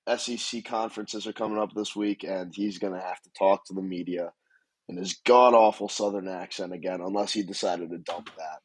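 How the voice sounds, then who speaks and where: A man co-hosting a podcast, telling stories in relaxed casual chat with casual swearing. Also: deep voice, a little fast, breathy edge, dry recording, low-quality recording. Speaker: podcast co-host.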